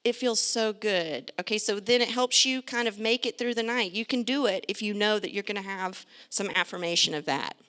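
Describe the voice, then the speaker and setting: A middle-aged woman, a pediatrician, giving a lively, joking and direct talk to parents. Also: mid-range voice, normal speed, few pauses, clear, resonant tone. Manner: chatty, direct, joking asides.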